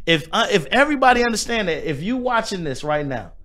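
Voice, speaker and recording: Animated man telling stories. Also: sits high, fast talker. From American South. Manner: animated storyteller, slangy, repeats words. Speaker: comedian guest. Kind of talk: casual podcast chat.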